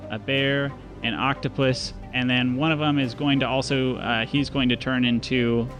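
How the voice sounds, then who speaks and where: A young man narrating a tabletop game as game master, relaxed and rambling. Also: mid-range voice. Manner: relaxed, rambling, many fillers and restarts.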